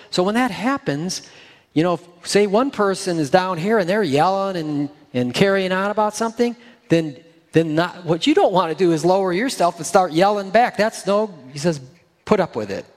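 A man's voice: high-pitched, big-room sound. A middle-aged man preaching a sermon as pastor, folksy and joking as he talks.

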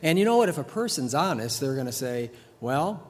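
Chuckling pastor in a reverberant hall. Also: male voice, mid-range voice, very animated, fast talker. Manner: conversational storytelling, chuckles between points. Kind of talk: sermon.

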